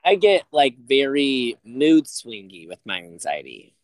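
A man's voice: medium pitch, wildly swooping pitch, a little slow, dry recording, poor audio. A man co-hosting a podcast, blunt and crude in casual chat, self-deprecating. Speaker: podcast co-host.

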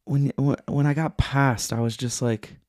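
A man's voice: mid-range voice, steady tone, unhurried, a little mellow, no echo, clean studio sound. A young man from Michigan, a podcast guest telling a story in a laid-back, rambling way, swearing a lot. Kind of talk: casual chat.

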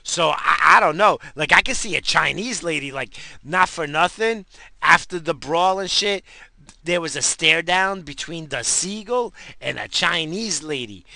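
Gravelly, sharp-voiced ranting man, high. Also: expressive, measured pace, no room sound. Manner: profane, slangy, rambling. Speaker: commentator. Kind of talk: rambling comedic rant.

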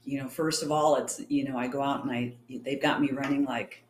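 In a roomy, echoing recording with a little hiss or hum, a middle-aged woman from California talks fairly quickly in an extremely low, darkish voice with fairly even intonation. She's a champion cyclist and triathlete, chatting as a guest in a casual storytelling interview and playing out the quoted lines of her anecdotes.

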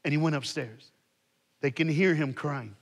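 A man preaching as a guest speaker, telling a story dramatically and dropping soft for the sad parts. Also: fairly high pitch, normal speed, slightly rough. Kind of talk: storytelling sermon. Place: large church hall. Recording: long hall reverb.

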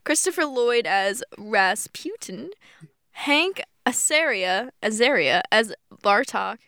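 Young woman co-host, bright and smooth, giggly and playful, close dry sound. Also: on the high side, animated, slow, dry recording. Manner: giggly, playful, stumbles over names. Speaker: podcast co-host. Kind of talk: casual chat reading film credits.

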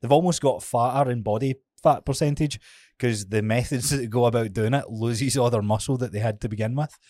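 A man's voice: medium pitch, fairly quick, darkish tone, no echo. A man with a Scottish accent, a fitness coach co-hosting a casual podcast, talking frankly, swearing often and acting out his own stories.

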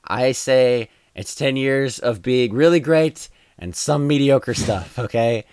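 A man co-hosting a podcast in casual chat, wry and dry, often trailing off quietly. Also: mid-range voice, slow, clear, resonant tone, no echo. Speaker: podcast co-host.

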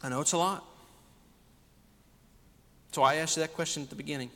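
In a church sanctuary, where the recording picks up long hall reverb, a senior pastor preaches a sermon made of rhetorical question after rhetorical question. His voice is a little high, pushed and bright, with fairly even intonation and a slightly fast pace.

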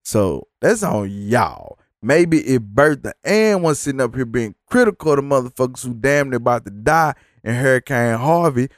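A man rants through a casual story, profane and exasperated, his thoughts rambling. His voice sits at an everyday middle pitch, and the sound is dry and close. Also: very animated, normal speed, hardly any pauses, no echo.

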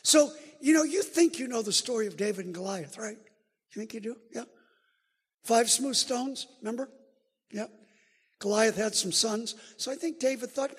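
A male preacher giving a sermon, joking and teasing the crowd and building up to shouts. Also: very high-pitched, animated, normal speed, husky. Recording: long hall reverb.

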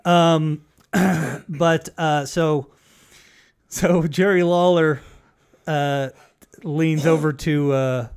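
A man's voice: a little high, fairly even intonation, drawn-out words, pauses often, darkish tone, clean tone. A man telling a story in casual chat, swearing freely and acting out the quotes. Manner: profane storyteller, acts out quotes.

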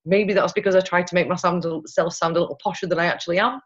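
A woman's voice: fairly low pitch, steady tone, fast, lo-fi sound. A woman from Yorkshire with a Yorkshire accent, chatting casually as a guest and laughing often. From Yorkshire, England. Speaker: guest, recruitment body representative. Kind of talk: casual conversation.

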